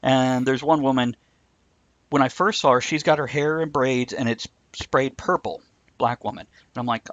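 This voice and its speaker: A man's voice: medium pitch, normal speed, a bit bright, dry recording. A man hosting a casual talk show, telling rambling, joking stories and voicing the people in them. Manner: rambling and joking, with lots of fillers and voiced quotes. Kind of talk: casual storytelling chat. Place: home studio for a live stream. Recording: dull, lo-fi, dry stream audio.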